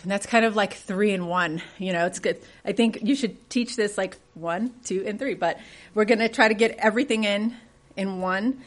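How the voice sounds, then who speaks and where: A woman's voice: mid-range voice, normal speed. A woman leads a church Bible study in a conversational way. She puts questions to the group and reads scripture aloud with rising emphasis.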